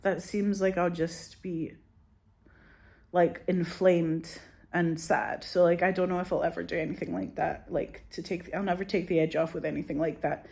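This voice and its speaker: A woman's voice: fairly low pitch, fairly quick, gravelly, dark tone. A middle-aged woman chatting casually to her viewers, rambling and anxious, swearing often. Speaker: vlogger. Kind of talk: casual chat to camera.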